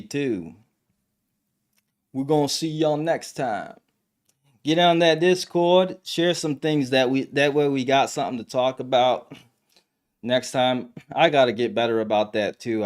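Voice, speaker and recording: A young man chats on his live stream in a loose, slangy way, full of fillers and restarts. His voice sits at an ordinary middle pitch for a man, and he tells his stories the way he would to friends. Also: measured pace. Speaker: live stream podcast host. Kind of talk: casual live stream chat.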